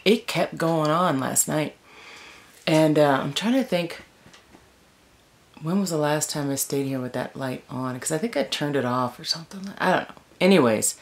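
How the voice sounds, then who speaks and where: A woman vlogger telling a story in a casual, animated way from inside her tent in the woods, filling her talk with "like" and "you know". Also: deep voice, gravelly. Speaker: wilderness vlogger.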